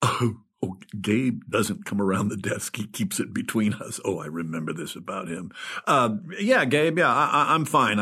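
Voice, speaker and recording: A man's voice: fairly low pitch, very animated, normal speed, pushed and bright, husky. A man telling a comic first-person story, giggly and stoned, keeps breaking into laughter.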